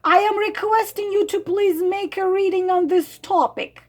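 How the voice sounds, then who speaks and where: A woman's voice: very high-pitched, steady tone, moderate pace. A woman who reads tarot, talking to camera in an emotional, exasperated monologue that keeps circling back to the same points. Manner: exasperated, emphatic, repeats herself. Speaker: tarot reader and psychic vlogger.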